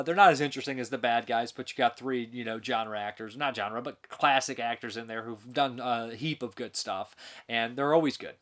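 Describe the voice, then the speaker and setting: A man hosting his own channel, giving an enthusiastic, rambling spoken movie review with frequent restarts and chuckles. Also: mid-range voice.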